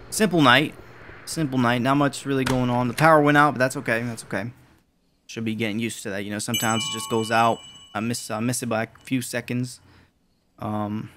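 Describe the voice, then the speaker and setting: A man's voice: medium pitch, fairly bright tone, slight background noise. Man narrating a horror game, swearing. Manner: casual, swears a lot, jumpy reactions. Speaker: gaming video creator. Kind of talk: horror game let's play commentary.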